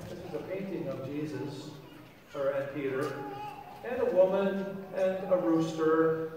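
A man preaching a sermon as pastor, animated and playful, often asking the congregation questions. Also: fairly high pitch, measured pace, pauses often. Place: church sanctuary. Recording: echoey church hall from a distant mic.

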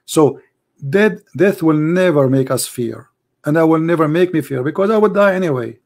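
A man with an Arabic accent hosting a live call-in show, hoarse from losing his voice, preaching fervently and rising to emphatic declarations. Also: on the high side, expressive, normal speed, darkish tone.

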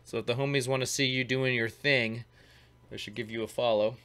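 A man's voice: mid-range voice, steady tone, fairly quick, fairly bright tone. A man hosting a casual glassblowing talk show, chatting loosely with slang while commenting on a demo. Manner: laid-back, slangy, talks over a glassblowing demo. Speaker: host.

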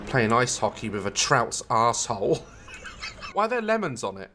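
Guy yelling and swearing over a game, voice jumps all over, bright edgy tone. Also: medium pitch, sing-song, normal speed, a little hiss or hum. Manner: frantic, swears constantly, yelps and cackles at mishaps. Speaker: gaming YouTuber. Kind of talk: comedic gameplay commentary.

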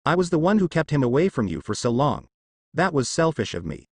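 A man's voice: a little high, big pitch swings, fairly quick, breathy edge, no room sound, full character voice. A man reading a fan story, voicing a protective, concerned human mother who speaks in an earnest, reproachful way.

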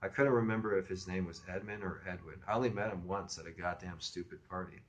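Male narrator, slightly low voice, casual first-person audiobook read. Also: fast talker, few pauses. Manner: conversational, wry storytelling. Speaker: reader and teacher.

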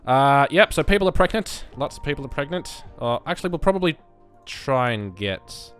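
A man's voice: medium pitch, very animated, normal speed, fairly bright tone, faint music behind. A young man giving chatty gameplay commentary as a let's play host, muttering reactions as he goes.

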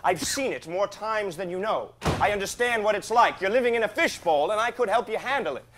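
A smarmy, condescending male lawyer with a slightly raised pitch. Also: lively intonation, background noise. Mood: persuasive. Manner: glib, condescending, fast-talking. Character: slick smarmy male Los Angeles lawyer. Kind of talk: stage drama acting.

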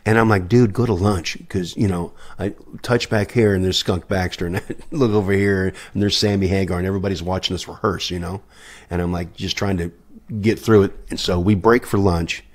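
Deep-voiced man telling a lively story. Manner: animated storyteller acting out quoted dialogue, laughing often. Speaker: guest session musician. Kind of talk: anecdotal storytelling in a podcast interview.

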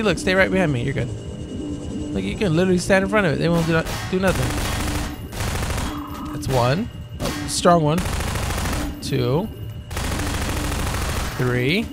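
A man's voice: high-pitched, very animated, moderate pace, creaky, pauses often. A man giving casual, joking let's play commentary, swearing, laughing and playing mock-scared. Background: game music and gunfire.

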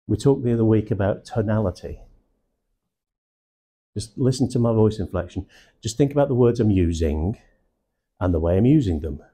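A man leading a live sales training session in a room, teaching with slow, emphatic stresses on key words. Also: lowish voice, lively intonation, warm tone, slightly rough.

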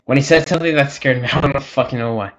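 A man's voice: mid-range voice, quick pace, muffled recording, crowd noise. A young man swearing and reacting nervously while commentating a horror game. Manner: jumpy, swears constantly, nervous laughter. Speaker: gameplay streamer. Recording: game music behind.

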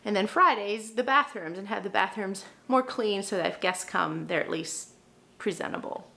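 Chatty young mom, filler-heavy. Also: female voice, mid-range voice, normal speed, gravelly, bright, forceful tone, slight background noise. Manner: chatty, frequent "like" fillers, self-deprecating asides. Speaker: vlogger and mom. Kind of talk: casual talk to camera while cleaning.

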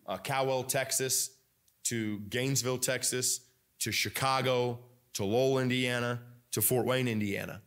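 A man preaching a sermon as pastor. He talks in a conversational, animated way, with many fillers and restarts. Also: mid-range voice.

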